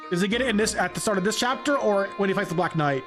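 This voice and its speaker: A man streaming a video game, rambling and joking with chat in a loose, animated way. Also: high-pitched, rapid-fire, over music. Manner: animated, rambling, jokey, laughs often. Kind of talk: live gaming commentary.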